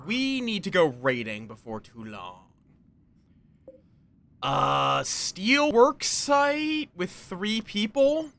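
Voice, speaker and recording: A man's voice: sits high, fairly bright tone. A tired man chatting casually on a game livestream, playful and slipping into silly put-on accents. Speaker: streamer. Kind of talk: casual livestream chat while gaming. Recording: faint music in the background.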